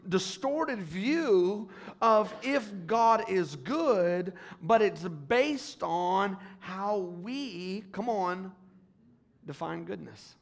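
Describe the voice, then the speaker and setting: A man preaching a sermon as pastor, calling out to the congregation and swinging between hushed asides and loud, rising appeals. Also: high-pitched, expressive, very slow, vocal fry.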